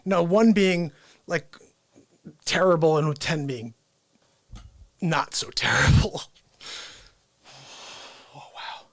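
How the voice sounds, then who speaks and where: Hosting a live variety show, a man with a higher, animated voice chats casually and jokes at his own expense while out of breath. His playful, self-mocking, upbeat delivery is slow, with long pauses, in a dry recording.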